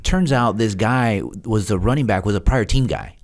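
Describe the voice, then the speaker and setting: A man's voice: lowish voice, moderate pace. A man talking as a podcast guest, telling a story casually with frequent fillers and chuckles.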